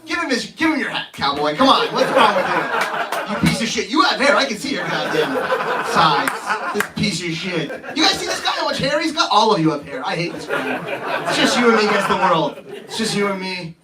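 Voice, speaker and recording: A man's voice: high voice, big pitch swings, normal speed. A man in his thirties doing brash, teasing, profane crowd work as a stand-up comedian on a club stage. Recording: distant mic, loud laughing crowd.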